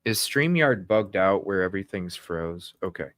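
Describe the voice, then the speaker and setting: A man's voice: sits low, expressive, normal speed, a bit bright, dry recording, studio quality. A man hosting a live news stream, talking in agitated, indignant bursts that ramble with restarts.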